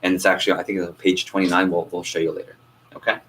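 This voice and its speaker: A man coaching a sales training class, energetic and quizzing the group with questions. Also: low-pitched, racing, low-quality recording. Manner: energetic, asks the group questions and acts out phone calls.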